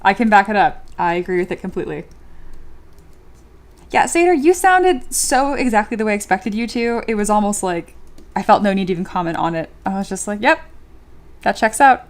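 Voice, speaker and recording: A woman's voice: medium pitch, expressive, a little fast. A young adult woman livestreaming while she sculpts, chatting casually and giggling as she reads viewer comments aloud. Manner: chatty and giggly, with frequent fillers.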